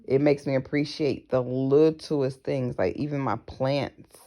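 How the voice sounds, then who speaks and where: Blunt, gravelly-voiced woman vlogging. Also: rumbling low, steady tone, a little slow, mellow. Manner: frank, blunt and profane, with slangy asides to viewers; acts out other people's voices in her stories. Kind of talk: casual personal vlog monologue.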